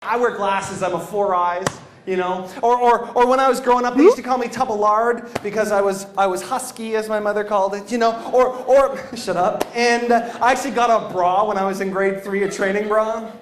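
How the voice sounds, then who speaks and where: Man, motivational speaker on stage, high voice, lively storyteller who stammers and shouts. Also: brisk. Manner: animated, shouting bursts, stammering restarts. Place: stage before a live audience.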